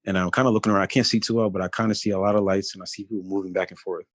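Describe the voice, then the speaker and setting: A man in his thirties from the Philadelphia area, telling his own story as an interview guest in a halting, loose way full of restarts. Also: low-pitched, steady tone, no echo. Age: 30s. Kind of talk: telling a personal story in conversation.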